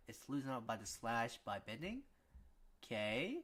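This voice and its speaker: A man's voice: mid-range voice, sing-song, a little slow, a bit bright, slightly rough. A man streaming a casual manga reading, chatty and reacting aloud with frequent fillers.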